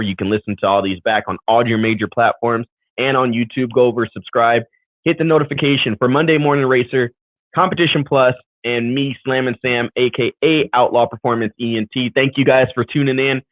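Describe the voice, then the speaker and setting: A man co-hosting a live show in a loose, rambling way, mid-pitched and easygoing. The audio is thin and phone-like, with a dry, close sound and no room around it. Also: dry recording. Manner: loose, rambling, upbeat sign-offs. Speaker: talk show co-host. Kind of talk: casual live show chat. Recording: tinny phone-like call audio.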